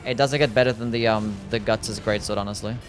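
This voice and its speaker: A man's voice: lowish voice, steady tone, fairly quick, faint music behind. A man casually streaming a game live, chatting and answering his viewers in a laid-back way.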